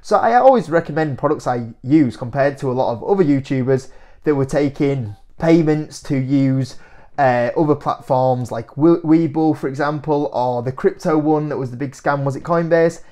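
A young man talks straight to camera in a loose, chatty vlog style. He sounds animated and incredulous, breaking into laughs as he answers critics. His voice sits at an ordinary middle pitch. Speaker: investing YouTuber. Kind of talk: casual to-camera commentary.

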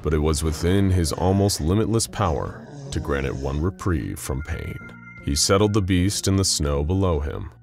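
A man's voice: a bass voice, animated, normal speed, creaky. A man narrating a scripted story with dramatic storyteller pacing. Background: faint music.

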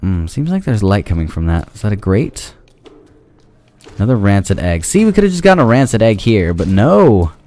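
Goofy lively low-voiced man. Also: moderate pace. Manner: goofy, talks back to enemies, yelps and pleads. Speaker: let's play commentator. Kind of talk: gameplay commentary.

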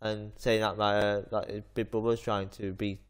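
A man's voice: on the low side, little pitch movement, moderate pace, clear, resonant tone. Rambling man telling a story. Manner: rambling anecdote full of fillers and restarts. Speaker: gaming channel host. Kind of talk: casual chat while gaming.

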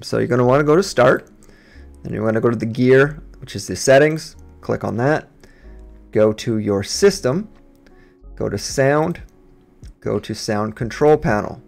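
A man who streams games, casually talking a viewer through software settings step by step on a USB desk microphone. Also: mid-range voice, creaky. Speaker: gaming streamer. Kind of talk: software setup tutorial.

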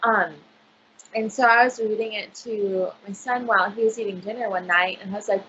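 A woman's voice: mid-range voice, steady tone, brisk, pushed and bright, dull audio, a little hiss or hum. A woman librarian chatting casually on a video call, gushing about picture books with lots of fillers. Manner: bubbly, gushing, filler-heavy.

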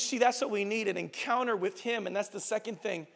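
A male pastor preaching a sermon with passion and shouting emphatic questions. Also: high voice, a little fast, vocal fry.

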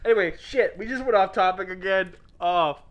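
A man's voice: sits high, normal speed. A young man hosting a podcast, telling a party story in casual chat and acting out the quotes. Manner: animated, swearing, acts out quotes. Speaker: podcast host.

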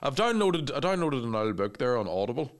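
Fast, lively man. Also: medium pitch. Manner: quick, animated, jokey, slips into silly put-on voices. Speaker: podcast co-host. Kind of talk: casual banter.

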